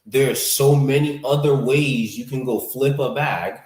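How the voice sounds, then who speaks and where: Male guest, mid-pitched, emphatic explainer, roomy echo. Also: a little slow, a little mellow. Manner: emphatic, explains business terms plainly. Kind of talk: casual conversation. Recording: echoey room.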